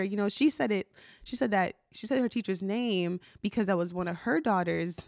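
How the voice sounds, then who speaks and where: A woman hosts her own podcast, talking casually and from the heart. Her speech is loose and chatty, full of "like" and "you know". Her voice sits at a middle pitch and sounds dry, with no room echo. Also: brisk. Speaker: podcast host. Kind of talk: casual solo podcast talk.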